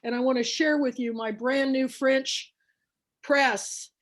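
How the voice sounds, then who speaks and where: A woman's voice: sits high, fairly even intonation, slow pace, slight background noise. A woman from Kansas hosting a book club on a video call, chatty and emotional, retelling conversations. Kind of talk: casual chat on video call.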